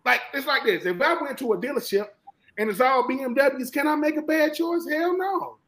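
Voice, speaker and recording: A man from Georgia with a Southern American accent, a former college football player talking football as a guest in an animated, emphatic way and often repeating himself. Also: very high voice, moderate pace, rough recording. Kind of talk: casual sports talk.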